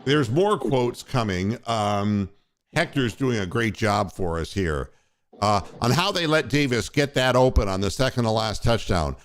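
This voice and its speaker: Ranting, animated sports radio host. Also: male voice, on the low side, a little slow. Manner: angry, profane, ranting. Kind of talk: postgame sports talk rant.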